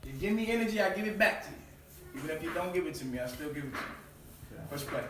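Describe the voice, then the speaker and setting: A man's voice: a little high, animated, quick pace, background noise. A man hosting his own channel, giving a profane, preachy lecture full of rhetorical questions. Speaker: channel host. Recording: very echoey room, far from mic.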